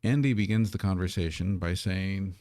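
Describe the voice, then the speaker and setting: A man teaching a live online Korean lesson, patiently explaining and sounding out syllables slowly. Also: deep voice, darkish tone, no room sound, studio quality.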